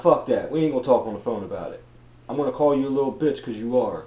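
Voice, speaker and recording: A man's voice: mid-range voice, expressive, fast talker. A man in his thirties from Baltimore, giving a blunt, profane motivational rant as a reselling vlogger. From Baltimore, USA. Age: 30s. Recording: echoey room, dull lo-fi audio.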